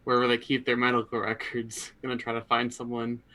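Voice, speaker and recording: A man's voice: mid-range voice, completely flat delivery, fairly quick, pushed and bright, rough recording. A man playing in a tabletop game, describing his character's moves casually. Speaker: player. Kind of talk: tabletop role-play chat.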